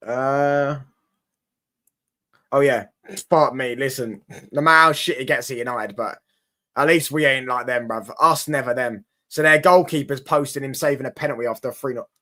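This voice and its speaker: Brash young man, bright voice. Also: mid-range voice. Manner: brash, sweary, rambling, mocking. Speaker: football watchalong streamer. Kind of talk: casual reaction commentary.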